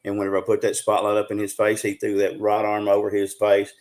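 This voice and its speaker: Middle-aged male guest, Southern US accent, low-ish voice, folksy rambling storyteller. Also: monotone, darkish tone. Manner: folksy, drawn-out storytelling with many fillers. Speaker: guest, Bigfoot researcher. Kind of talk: casual storytelling on a live show.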